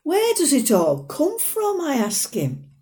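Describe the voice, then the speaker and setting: A woman playing an elderly mother, slow and lilting. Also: high-pitched, wildly swooping pitch, warm tone, exaggerated voice. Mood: wry. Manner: dry, gossipy, plain-spoken. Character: elderly northern mother, fussy, proud, sharp-tongued. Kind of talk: dramatic monologue.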